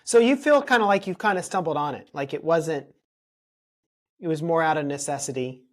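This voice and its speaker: A man hosting a podcast, asking short, relaxed follow-up questions in casual conversation. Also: fairly high pitch, brisk. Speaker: podcast host, life coach. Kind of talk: casual interview chat.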